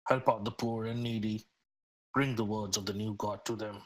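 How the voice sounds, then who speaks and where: A man's voice: lowish voice, level tone, normal speed, lightly acted, poor audio. A man voicing a humble, courteous wandering priest who speaks in formal, gracious phrases.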